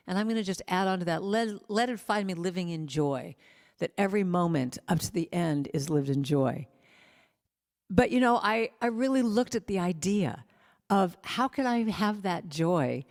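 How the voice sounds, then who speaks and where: A woman's voice: mid-range voice, a little mellow, big-room sound. A woman giving a spiritual talk as a guest speaker and musician at a spiritual center, telling personal stories and now and then singing short snippets. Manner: personal storytelling, breaks into sung snippets.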